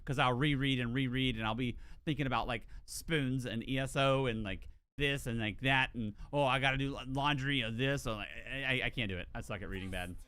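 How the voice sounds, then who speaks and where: Field: voice. Value: bright-voiced southern man rambling casually. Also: mid-range voice, fairly quick, few pauses, clean tone, no echo. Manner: rambling, self-deprecating, full of "like" and "dude". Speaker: game streamer. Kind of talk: casual stream chat.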